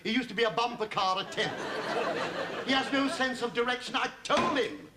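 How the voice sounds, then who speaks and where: A man's voice: extremely high pitch, a little fast, over a noisy crowd. A middle-aged man playing a muddled, politely persistent fireman in a 1970s TV sitcom. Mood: earnest muddle. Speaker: comic lead. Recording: hissy old TV soundtrack.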